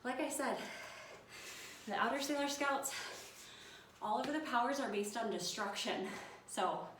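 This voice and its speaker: A woman's voice: a little high, unhurried. A woman leading a workout video, out of breath and panting as she gives encouraging countdowns. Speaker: fitness instructor. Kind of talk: workout coaching. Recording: echoey room from far off, noisy.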